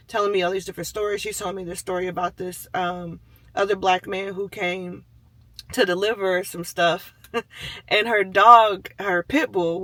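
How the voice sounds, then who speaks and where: Bright, high-voiced man telling a story. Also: no room sound. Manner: animated, acts out the voices of people and animals in his story; chatty, with many fillers like "like" and "you know". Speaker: vlogger telling a personal story. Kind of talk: casual storytelling.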